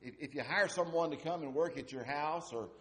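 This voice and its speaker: A man's voice: fairly high pitch, brisk. Conversational man preaching a sermon. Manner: conversational, asks rhetorical questions, trails off softly at phrase ends. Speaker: pastor.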